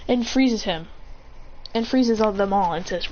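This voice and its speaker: A woman tells an improvised adventure story in a lively, fairly high voice, rambling and restarting as she goes. The recording is dull and lo-fi, with a faint hiss behind her. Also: moderate pace. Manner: rambling, with restarts and sound effects.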